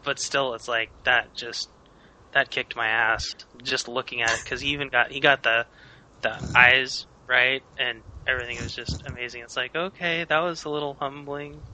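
A man's voice: medium pitch, fairly even intonation, normal speed, bright, forceful tone, a little hiss or hum, rough recording. A man from Washington state co-hosting a casual podcast chat, talking eagerly about webcomics. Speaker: podcast co-host.

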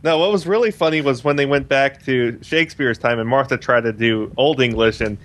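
A man chatting casually on a podcast, enthusiastic and expressive. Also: mid-range voice, a little fast, slight background noise.

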